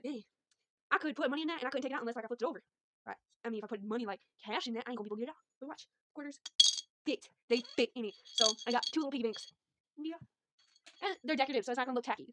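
A fairly high-pitched, fairly bright woman's voice carries this casual shopping haul vlog, recorded at home on a phone with a slight hiss or hum. She rambles along chattily, puts herself down with humor, and uses a southern "y'all."

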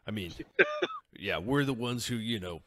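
A man's voice: lowish voice, wildly swooping pitch, a little slow, fairly bright tone, a little hiss or hum. A man playing a tabletop game, speaking casually with dry sarcasm. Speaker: player.

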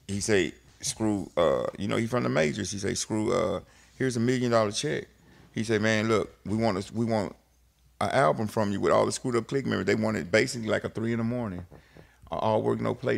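Gravelly-voiced man telling stories. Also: lowish voice. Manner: loose, profane street storytelling with many fillers. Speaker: interviewee, friend of the late DJ. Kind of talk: casual storytelling interview.

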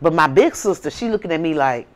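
Woman with a lowish voice telling a story straight, swoopy ups and downs, keeps saying you know what im saying. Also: expressive, fast. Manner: blunt, profane and conversational. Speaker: advice channel host. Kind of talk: candid personal storytelling.

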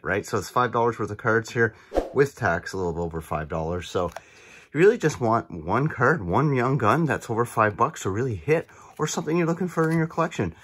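A man chatting excitedly as he opens cheap card packs and reacts to each card on his channel. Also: mid-range voice, normal speed, background noise. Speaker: card collecting channel host. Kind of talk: casual pack-opening commentary.

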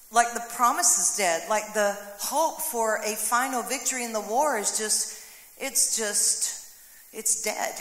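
A woman's voice: a little high, bright, forceful tone. A woman pastor preaching a sermon, telling the story with acted voices and humor. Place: church sanctuary. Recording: echoey hall, long reverb.

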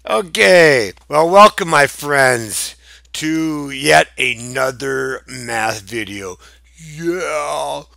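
Man, math teacher, playful chatty lesson, crisp tense tone, gravelly edge. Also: medium pitch, drawn-out words, bright, forceful tone, dry recording. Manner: playful, chatty, jokes and chuckles often. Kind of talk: playful classroom video lesson.

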